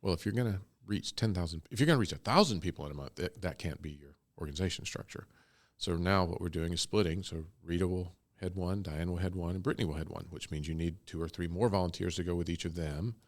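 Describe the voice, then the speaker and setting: Man, very low voice, rambling, enthusiastic, casual interview guest. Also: fast talker, few pauses. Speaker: guest, co-founder of a bunny ministry.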